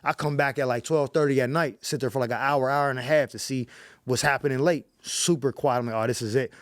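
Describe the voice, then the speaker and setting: A man from Pittsburgh, a comedian telling a story on a talk show in an animated, profane, slang-heavy way. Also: mid-range voice, fairly quick, dry recording, clean studio sound. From Pittsburgh, USA. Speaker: comedian guest. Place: studio.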